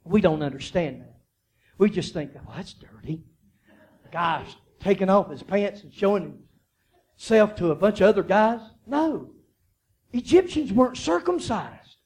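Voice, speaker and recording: A man preaching a sermon, moving between quiet, low storytelling and loud, high-pitched shouting, often repeating his phrases. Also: animated, moderate pace, husky. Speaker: pastor.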